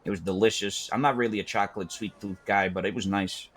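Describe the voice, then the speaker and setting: Playing a character in an online roleplay game, a man tells a wild story packed with swearing and acted-out quotes, animated and profane throughout. He talks fast in a fairly low voice with a breathy edge.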